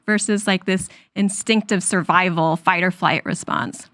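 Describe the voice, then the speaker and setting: A woman's voice: lowish voice, fairly even intonation, unhurried, a bit bright, no echo, studio quality. A woman hosting an interview show as a physician, talking in an affirming, reflective way and restating her guest's points. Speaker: podcast host and physician. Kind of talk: conversational interview.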